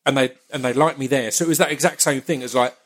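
A man hosting a casual chat, animated, with stammered restarts. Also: medium pitch, quick pace. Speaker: podcast host, actor.

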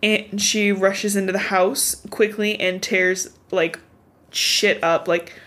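A woman with a medium-pitched, slightly bright voice talks slowly with fairly even intonation. Co-hosting a podcast, she casually recaps a novel's plot, swearing freely and leaning heavily on "like" as filler.

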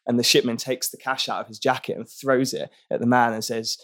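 A man's voice: mid-range voice, steady tone, fairly quick, hardly any pauses, fairly bright tone. Earnest British man, podcast guest. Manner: earnest, thoughtful, with frequent restarts. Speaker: barrister and activist guest. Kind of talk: podcast interview.

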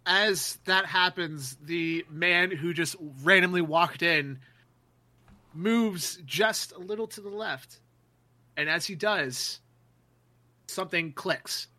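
A man's voice: high voice, slow pace, pushed and bright. A man narrating as game master of a tabletop game, casual and crude.

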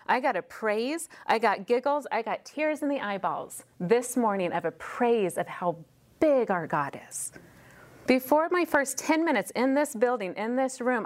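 An animated woman teaches a women's Bible study, with a mid-range voice and an emphatic, repeating delivery. She speaks live in a room at a church building and wears a personal mic. She breaks into quoted dialogue as she goes. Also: medium pitch. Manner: emphatic, repeats key phrases. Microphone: wearing a personal mic.

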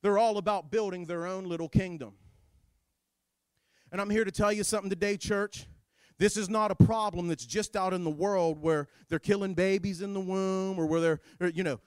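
Jokey, sarcastic male pastor mid-sermon; high voice, dry recording. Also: clear, resonant tone, no room sound.

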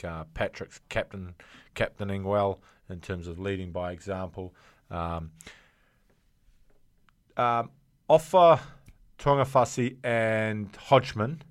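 A man with a New Zealand accent, a former rugby player co-hosting a casual podcast and telling stories. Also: lowish voice. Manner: storytelling, laughing a lot. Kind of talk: casual chat.

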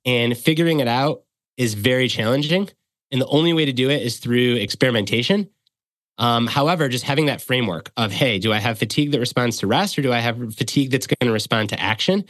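A man's voice: mid-range voice, fast talker, a bit bright, no echo. A man speaking as a guest expert, explaining ideas earnestly in a coaching tone with practical examples. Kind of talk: conversational explanation.

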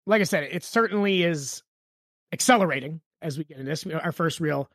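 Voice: mid-range voice, normal speed, fairly bright tone, no room sound, clean studio sound. A podcast co-host asking hesitant, filler-heavy questions in a casual discussion.

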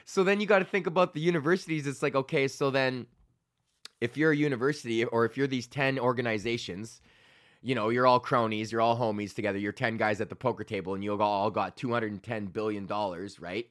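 A man's voice: mid-range voice, steady tone, fairly quick, a bit bright. A young man hosting a podcast, ranting in a rambling, profane way and often laughing at himself. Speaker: podcast host. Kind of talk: casual ranting monologue.

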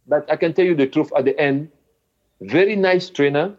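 A man, a former footballer, recounting his memories in an interview in halting non-native English. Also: fairly high pitch. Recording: dull lo-fi sound.

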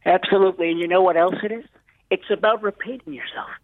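A man's voice: sits high, steady tone, fast talker, no echo, voice pushed up. A man impersonating a brash, boastful older male politician, over a tinny phone line. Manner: repetitive, bragging, superlatives.

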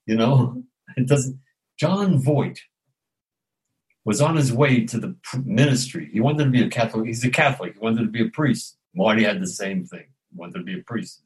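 A man's voice: medium pitch, normal speed, slightly rough, poor audio. Older New man telling stories. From Brooklyn, New York. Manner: animated, acts out dialogue, chuckles often. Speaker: actor, interview guest. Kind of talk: anecdotal storytelling in an interview.

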